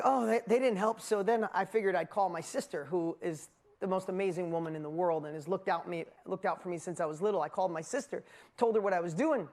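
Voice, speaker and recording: A man in his fifties from upstate New York, speaking as a motivational speaker to a live audience. He is emphatic and animated, and jokes at his own expense in quick bursts. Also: sits high. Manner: animated and emphatic, with self-mocking asides and fast bursts.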